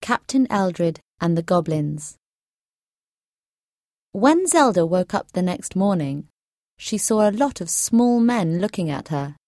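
A woman narrating a storybook in a slow, clear, deliberate reading. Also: on the low side, animated, dark tone, no room sound, studio quality. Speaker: audiobook narrator.

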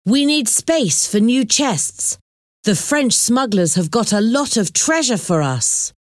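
A woman's voice: on the high side, animated, takes it slowly, no echo, clean studio sound, pitched above the performer's own voice. A woman reading the lines of a male smuggler who hurries the children along. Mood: urgent. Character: male smuggler, gruff and urgent.

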